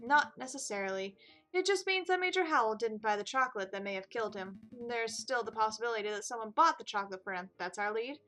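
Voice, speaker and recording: Brief: a woman voicing a calm, measured falcon lawyer in a game, bright voice. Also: on the high side, soft background music, close to an everyday voice. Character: composed male falcon defense attorney.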